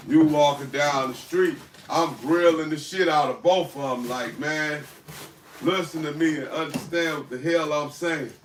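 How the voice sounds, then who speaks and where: A man telling a rambling, profane story in a casual, animated way. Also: fairly high pitch. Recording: echoey room, far from mic, faint noise.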